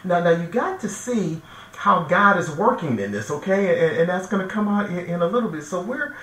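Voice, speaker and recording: A man's voice: high voice, very animated, normal speed, a bit bright. Earnest male minister in an echoey room. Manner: earnest, emotional, repeats himself while searching for words. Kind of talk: heartfelt personal testimony. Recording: echoey room, distant mic, faint noise.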